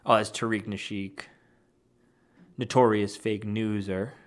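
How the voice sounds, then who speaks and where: A man's voice: on the low side, flat delivery, measured pace. A man giving an argumentative, dismissive reaction as an online commentator, reacting to a clip and reading posts aloud.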